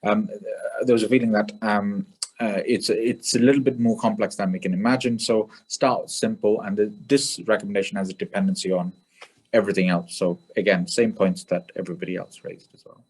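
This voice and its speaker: A man reporting his group's discussion back to an online workshop. His voice sits low, and he rushes through points with many fillers and restarts. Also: steady tone, a little mellow, breathy edge. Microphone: video call.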